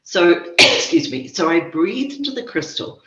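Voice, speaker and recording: A woman with a New Zealand accent, a spiritual teacher speaking as a guest and telling stories in a gentle, earnest way. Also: fairly low pitch, big pitch swings, unhurried. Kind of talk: reflective interview conversation. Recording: dull echoey recording.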